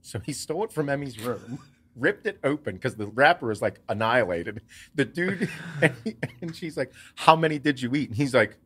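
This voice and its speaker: A man co-hosting a podcast, telling a lively family story with lots of swearing and laughter. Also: medium pitch, moderate pace, slightly rough. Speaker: podcast co-host. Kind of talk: casual storytelling.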